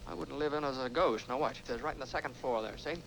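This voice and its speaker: A man's voice: medium pitch, fast talker, vocal fry, heavy background noise, lightly acted. An actor playing an eager young man who talks big about seeing the world, in 1940s film style. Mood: teasing. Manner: boyish, big-talking and playful. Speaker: film character.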